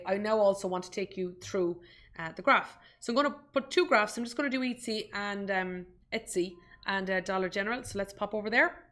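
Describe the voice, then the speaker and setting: A woman's voice: medium pitch, fairly bright tone. An Irish woman giving a live stock market webinar, chatty and self-deprecating, breaking off with asides to her viewers. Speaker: investment webinar presenter. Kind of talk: live screen-share stock tutorial.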